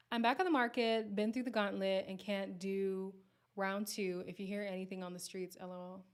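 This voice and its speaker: A woman hosting a live recap stream, chatting casually with viewers and reacting with animated exclamations. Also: medium pitch, normal speed, clear, resonant tone.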